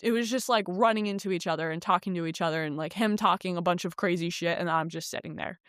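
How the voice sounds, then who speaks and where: A woman's voice: lowish voice, fast talker, a bit bright, no echo, clean studio sound. A woman vlogger telling a story in a casual, frank, exasperated way, full of "like" and swearing. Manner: frank, exasperated retelling, heavy use of "like" and swearing.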